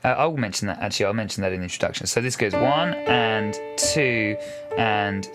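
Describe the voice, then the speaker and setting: Male piano tutor, patient and chatty, counting beats aloud over loud piano. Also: fairly low pitch, moderate pace. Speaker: piano teacher. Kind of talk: casual step-by-step piano lesson. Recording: piano music loud under voice. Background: piano playing.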